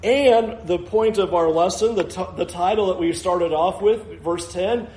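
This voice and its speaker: Male pastor, high voice, explanatory with a dry wit, preaching in a roomy, echoey church. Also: unhurried, darkish tone. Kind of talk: expository sermon. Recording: roomy echo.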